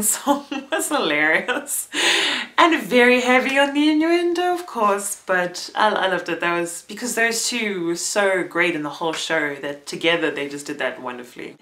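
A young woman chats through her theatre review, laughing lightly between words. Her voice is bright and forceful yet sits a touch low in pitch, with a relaxed, unscripted flow. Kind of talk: casual spoken review.

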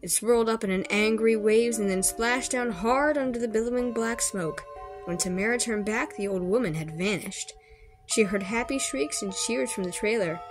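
A woman's voice: a little high, normal speed, music in the background. A woman reading a children's horror story aloud expressively, with small slips and rereads. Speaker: storybook reader.

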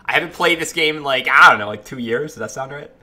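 A man's voice: medium pitch, fast talker, bright, forceful tone. A man chatting casually while streaming a game, greeting viewers and reacting to it. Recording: game music playing behind. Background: faint game music.

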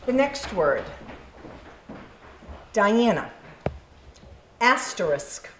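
A woman's voice: medium pitch, normal speed, slight background noise. Friendly New England woman moderating a spelling bee, echoey hall. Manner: friendly, encouraging. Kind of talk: explaining rules and reading words aloud.

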